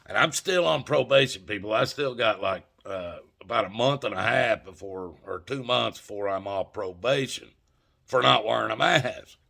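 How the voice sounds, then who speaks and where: Gravelly man telling a story. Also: fairly low pitch, normal speed, pushed and bright. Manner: folksy, emphatic, addresses viewers as folks. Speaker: channel host. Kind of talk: casual storytelling.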